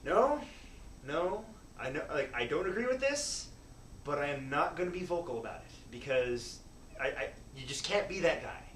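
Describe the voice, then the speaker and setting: Animated man, echoey room. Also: a little high, moderate pace, far from the mic, a little hiss or hum. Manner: animated, laughs often, lists favorites. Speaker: guest. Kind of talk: casual chat.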